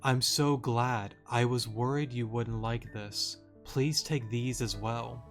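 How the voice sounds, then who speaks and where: A man reading out a gentle, earnest mother. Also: medium pitch, steady tone, slow, soft background music. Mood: hopeful. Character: kind grieving mother, adult woman, gentle and earnest.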